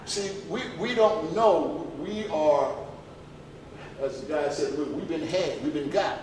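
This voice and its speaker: A man gives a health talk in a church hall, his fairly high voice bouncing around the room from a distance. He is folksy and emphatic and keeps throwing rhetorical questions at the audience. There is a faint hum of room noise behind him. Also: takes it slowly, a little mellow. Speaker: health lecturer. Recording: echoey hall recorded from far off.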